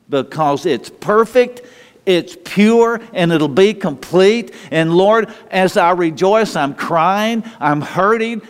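A man with a slightly high voice preaching a sermon. He talks to the congregation in a loose, conversational way, restarting phrases and chuckling, and his voice rings with a long hall reverb. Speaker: pastor.

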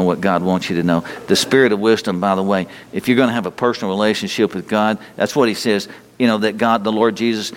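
A middle-aged man preaching a sermon in a folksy way, asking his listeners question after question and chuckling often. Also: lowish voice. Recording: long hall reverb.

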